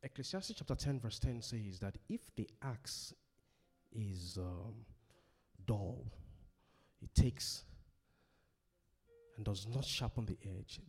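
A man's voice: fairly low pitch, darkish tone, husky. A middle-aged man from Africa preaching a sermon, repeating key phrases and asking questions for the congregation to answer. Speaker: pastor. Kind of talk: sermon on relationships.

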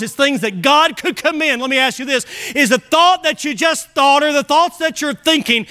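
A man's voice: high-pitched, pushed and bright. A man preaching a sermon as pastor, pressing his congregation with emphatic rhetorical questions. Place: church sanctuary.

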